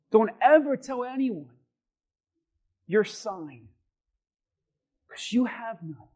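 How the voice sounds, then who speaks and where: High-pitched male pastor preaching with shouted punches. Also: expressive, slow pace, long pauses. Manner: preachy, rising to shouted emphasis. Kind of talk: sermon.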